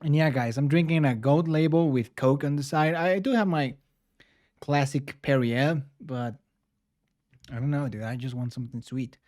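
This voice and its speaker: This Mexican man, whose first language is Spanish, hosts a reaction video in English, rambling loosely with lots of filler words and slang. His voice is medium in pitch, a little mellow, and moves at a normal speed in this casual commentary.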